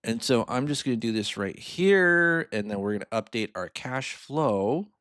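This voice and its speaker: A man's voice: mid-range voice, expressive, moderate pace, fairly bright tone, no echo, clean studio sound. A man in a casual walkthrough of loan calculations, rambling and chuckling at himself as he goes. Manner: rambling, self-amused, chuckles often. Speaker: finance mentor. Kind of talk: casual screen-share walkthrough.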